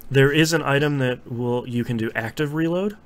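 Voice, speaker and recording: A man co-hosting a podcast in casual chat, explaining game tips in a lively way and laughing easily. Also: medium pitch, normal speed. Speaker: podcast co-host.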